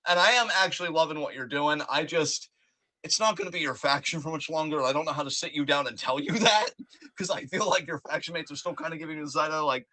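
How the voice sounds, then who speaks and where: A man co-hosting a wrestling podcast in casual chat, his voice bright and ringing. He rants with profane, animated mock outrage, pitched a little above the usual male range. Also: quick pace. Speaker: podcast co-host.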